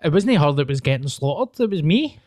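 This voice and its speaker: A man's voice: a little high, very animated, brisk, darkish tone, no echo. Blunt Scottish man, dry close sound. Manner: blunt, sweary storytelling. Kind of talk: casual chat.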